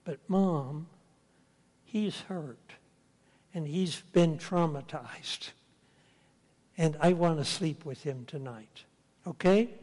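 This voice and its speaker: A man's voice: a little high, slow, long pauses, a little mellow. A preacher voicing an eager shepherd boy, long hall echo. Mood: pleading. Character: earnest teenage shepherd boy.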